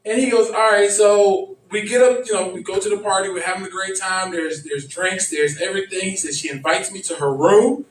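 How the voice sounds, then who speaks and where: A man doing stand-up comedy, telling a story in an animated way and acting out his friend's lines. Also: high-pitched, brisk, hardly any pauses. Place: comedy club stage. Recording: echoey club sound from a distance.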